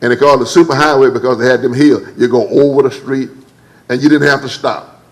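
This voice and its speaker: A man preaching a church sermon. He calls on the congregation to answer back, repeats and stammers over words, and leaps higher when he acts out quotes. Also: fairly even intonation, brisk, rough recording. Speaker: pastor. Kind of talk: preached sermon with call-and-response. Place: church service.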